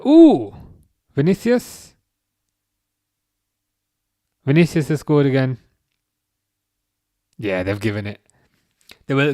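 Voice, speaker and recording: A man in his thirties hosting a live stream, chatting casually and reading out viewer comments with halting restarts and dry jokes. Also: mid-range voice, a little mellow, dry recording. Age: 30s.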